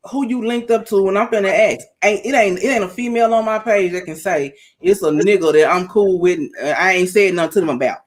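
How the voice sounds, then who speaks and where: A man in casual podcast chat, telling stories in a blunt, profane, animated way. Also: high voice, a little fast, few pauses.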